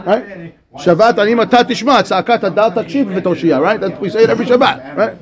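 Man, rabbi, high voice, rapid lively teaching, acts out dialogue. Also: a crowd in the background. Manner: animated, acts out dialogue, mixes Hebrew texts. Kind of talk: Torah class.

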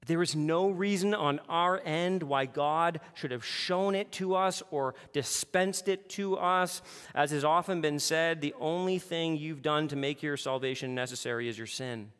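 A man preaching a sermon, animated, moving between hushed and loud passages. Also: on the high side, a little slow, clean tone, long reverb tail. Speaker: pastor.

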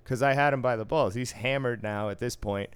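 A man's voice: mid-range voice, brisk, clean tone, no room sound. A man casually telling a work story from the casino floor, profane and wry, acting out the exchanges he quotes.

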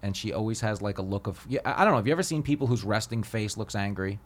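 Casting: quick, low-pitched male podcast guest, rambling joker who swears. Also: expressive. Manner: rambling, joking, swears freely. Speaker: taxi driver and comedian guest. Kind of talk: casual podcast chat.

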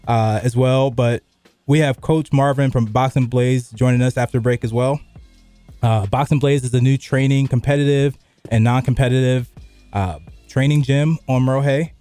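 A middle-aged radio host, talking in a loose, rambling way. His voice is mellow and warm. The studio sound is dry, with faint music underneath. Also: mid-range voice, dry recording. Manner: loose and rambling, many fillers. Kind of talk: casual sports radio chat. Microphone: studio microphone.

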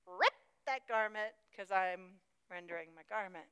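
A woman preaching a sermon, moving between hushed, personal confession and impassioned outbursts. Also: medium pitch, unhurried, clear, resonant tone, dry recording, rough recording. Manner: emotional, swings from hushed to impassioned.

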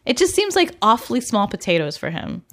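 A woman's voice: a little high, big pitch swings, a little fast. A woman co-hosting a casual podcast, wry and opinionated, swearing casually. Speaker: podcast co-host. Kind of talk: casual chat.

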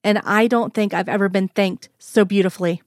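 A woman's voice: mid-range voice, steady tone, fairly quick, no echo, lightly acted. Teasing, affectionate young woman, light delivery, dry studio sound, voiced by the narrator. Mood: tender.

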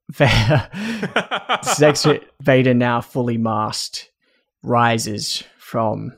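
A man's voice: mid-range voice, vocal fry, breathy edge. A man co-hosting a casual chat, recapping film scenes in detail with asides and laughs. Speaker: podcast co-host recapping a film.

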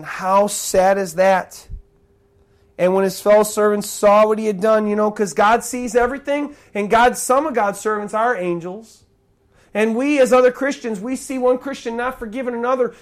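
A preacher giving a sermon, reading verses aloud and explaining them with emphatic stress. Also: medium pitch. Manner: emphatic, reads verses then explains, stresses key words.

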